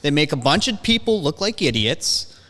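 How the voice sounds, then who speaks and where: A man on a casual podcast, ranting and swearing, often jumping into a high mocking voice. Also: big pitch swings, moderate pace, bright, forceful tone, a little hiss or hum. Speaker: podcast co-host. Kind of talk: casual chat. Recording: long hall reverb.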